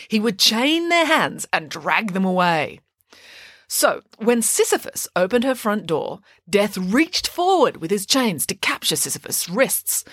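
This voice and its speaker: A woman's voice: mid-range voice, dry recording, clean studio sound. A woman narrating a children's myth retelling with playful asides, as host of a story show.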